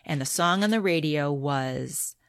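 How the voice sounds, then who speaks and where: A middle-aged woman in a casual interview, telling personal stories candidly and lively voicing the people she quotes. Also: sits low, unhurried, no echo, studio quality. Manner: candid storytelling, animated when quoting others. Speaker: podcast guest.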